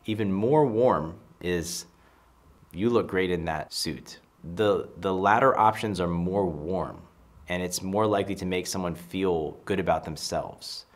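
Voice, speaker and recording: A man's voice: deep voice, measured pace. A man giving casual, emphatic advice on conversation, acting out example lines. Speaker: social skills coach. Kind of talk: casual advice talk to camera.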